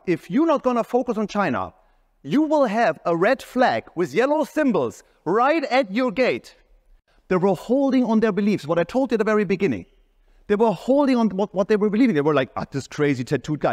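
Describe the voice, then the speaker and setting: A man delivers a keynote speech in an emphatic, energetic way, sometimes breaking into a shout. His voice sits high and swings widely in pitch. The sound trails off in the long reverb of a large hall. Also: fairly quick. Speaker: keynote speaker.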